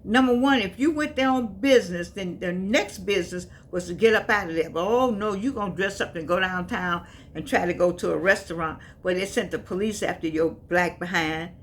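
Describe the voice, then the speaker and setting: An older woman gives folksy, emphatic, preachy commentary, sometimes jumping into high exclamations. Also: moderate pace, few pauses, a bit bright, slight background noise. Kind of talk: casual spoken commentary.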